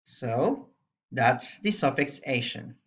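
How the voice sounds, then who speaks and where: Slow, patient woman teaching spelling. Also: extremely low pitch, animated. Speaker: primary school English teacher. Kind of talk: recorded lesson narration. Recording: dull lo-fi voice-over.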